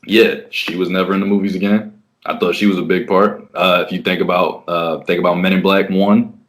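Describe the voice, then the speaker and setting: A man's voice: low-pitched, fairly even intonation, brisk. A man co-hosting a podcast in casual comedic chat, laid-back and laughing often. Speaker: podcast co-host.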